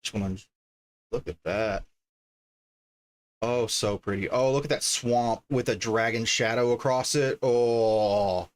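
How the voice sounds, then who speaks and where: A man's voice: mid-range voice, fairly even intonation, a little slow, long pauses, a little hiss or hum. A man casually chatting on a livestream as he opens card packs, reading card names aloud and easily delighted by the art. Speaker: streamer opening card packs.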